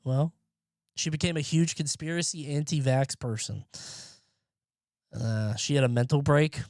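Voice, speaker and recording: A man's voice: on the high side, steady tone, measured pace, darkish tone, dry recording, studio quality. A young man streaming and chatting casually, rambling and swearing offhandedly. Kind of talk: casual live-stream chat. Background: faint music.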